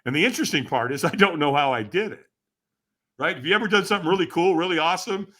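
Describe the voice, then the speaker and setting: A man who is a guest on a podcast, telling a story dramatically and acting out the voices and shouts of the people in it. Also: fairly high pitch, fast talker. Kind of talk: animated storytelling.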